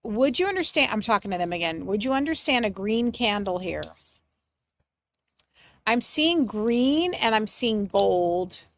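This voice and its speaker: A psychic medium gives a live mediumship reading on a livestream, speaking gently and affectionately in a medium-pitched voice. At times her voice drops soft, and at other times she breaks into excited bursts.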